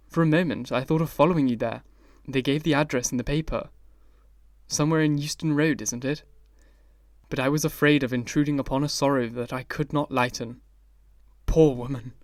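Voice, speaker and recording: A man's voice: fairly high pitch, no echo, studio quality, natural voice. A man reading the part of an earnest older painter in an audiobook, grave and pleading. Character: grave, anguished male painter friend.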